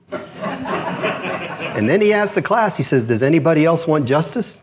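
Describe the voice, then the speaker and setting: A male pastor preaching a sermon, telling a story with quoted voices and swinging from raised to low, quiet delivery. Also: a little slow, long pauses, slight background noise. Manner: rising and dropping pitch, animated storytelling with quoted voices. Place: church.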